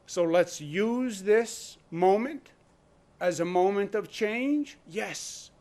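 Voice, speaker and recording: A man's voice: high voice, lively intonation, slow pace, a little mellow. A man speaking as governor at a press conference, emphatic and full of rhetorical questions. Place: indoor briefing room.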